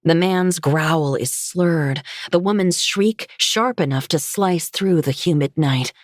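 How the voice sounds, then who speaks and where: Low-pitched woman reading a gritty audiobook, steady, dry close mic. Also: slow, no echo. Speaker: audiobook narrator. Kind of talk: first-person audiobook narration.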